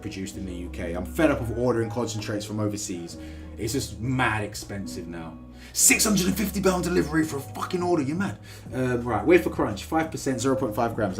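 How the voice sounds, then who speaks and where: A man chatting casually during a live stream, and he gets excitable and swears freely as he goes. His voice sits at an ordinary middle pitch. Faint music plays softly in the background. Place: home kitchen.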